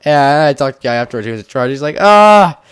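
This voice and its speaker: A young man hosting casual gameplay commentary, talking in an excitable, rambling, jokey way and poking fun at himself, a little congested from a cold. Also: mid-range voice, very fast, clear, resonant tone, no echo, studio quality. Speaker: Minecraft let's-play host.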